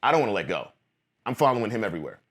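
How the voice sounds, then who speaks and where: A man in his thirties telling a personal story in an animated vlog monologue, acting out old conversations. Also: fairly low pitch, very fast. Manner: animated, quotes friends in acted-out bits. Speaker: vlogger.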